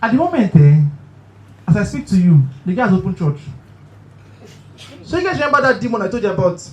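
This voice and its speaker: High, lively man doing stand-up. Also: fairly quick, lo-fi sound. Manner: animated, shouty storytelling with bursts of preaching. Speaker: stand-up comedian. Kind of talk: stand-up comedy set. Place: live comedy stage. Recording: echoey hall, mic at a distance, faint room noise.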